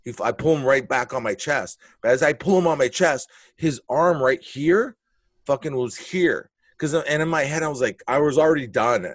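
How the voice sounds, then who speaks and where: A male comedian spins a rowdy story in loose, blunt talk, swearing as he goes. His voice is mid-range and unremarkable in pitch. The sound is dry and close to the mic. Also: normal speed, dry recording. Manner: animated, blunt, profane storytelling with acted-out moments. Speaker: comedian guest. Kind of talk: casual storytelling.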